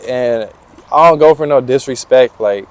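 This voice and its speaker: Young man, outdoor street interview, slangy and unhurried storyteller, mid-pitched voice. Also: no room sound. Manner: slangy, laid-back storytelling. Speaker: interview guest.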